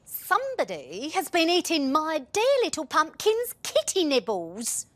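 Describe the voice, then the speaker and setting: A woman's voice: high voice, wildly swooping pitch, unhurried, a bit bright, no room sound, pitched above the performer's own voice, full character voice. Woman playing a doting, fussing storybook mum. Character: mother, fond and fussing.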